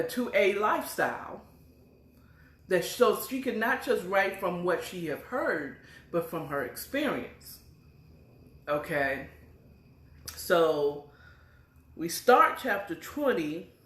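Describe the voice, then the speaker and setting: Casting: woman storyteller, casual and rambling, roomy echo. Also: fairly low pitch. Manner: chatty, with fillers and self-corrections. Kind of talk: casual retelling of a romance novel. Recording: echoey room.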